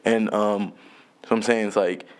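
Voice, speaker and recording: Young man, from Jamaica, lowish voice, rambling solo podcast, profane, laughs a lot, trails off. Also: fairly even intonation, measured pace, clean tone. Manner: loose, profane, laughs often, trails off mid-thought. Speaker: podcast host.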